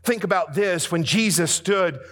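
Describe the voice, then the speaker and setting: A man preaching a sermon with dramatic swings between hushed, soft passages and booming, emphatic lines. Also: unhurried.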